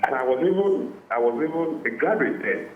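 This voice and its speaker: A man calling in to a radio talk show. He talks haltingly, repeats words and keeps asking if he is understood. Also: on the high side, expressive. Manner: halting, repeats words, asks "are you getting it?". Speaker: caller. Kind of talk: phone-in comment. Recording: muffled, roomy phone line with faint noise.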